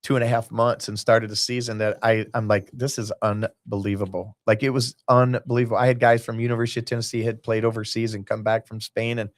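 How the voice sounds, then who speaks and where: A man's voice: medium pitch, completely flat delivery, fast talker, hardly any pauses, no room sound. A man in a casual podcast chat who rambles from tangent to tangent, acting out what people said. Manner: rambling storyteller, jumps between tangents, acts out quotes. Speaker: guest, basketball team owner.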